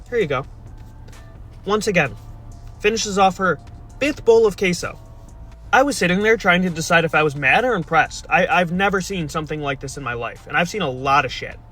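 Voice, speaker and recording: A young man with a high, bright voice tells a casual storytime. His delivery is wry and exasperated, with a deadpan edge. Faint music runs underneath. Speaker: storyteller in a played video clip.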